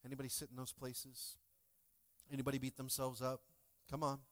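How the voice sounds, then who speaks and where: A pastor in his thirties preaches in a church sanctuary at an everyday middle pitch, brisk and completely flat in delivery. He cracks jokes and tosses playful asides to the congregation, swinging between loud bursts and soft, quiet remarks.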